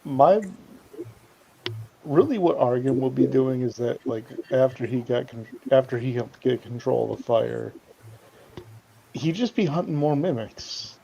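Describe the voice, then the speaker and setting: A man's voice: mid-range voice, lively intonation, a little slow, vocal fry, dark tone. A man playing a tabletop game, speaking hesitantly with frequent ums. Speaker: player. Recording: dull lo-fi audio, faint hiss.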